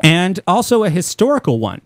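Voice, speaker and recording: A man hosting a talk radio show with a lively voice that swings up and down as he reads and comments. His pitch sits a little high for a man. The sound is dry and close. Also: brisk, dry recording. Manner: animated, reads quotes aloud with asides. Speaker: host.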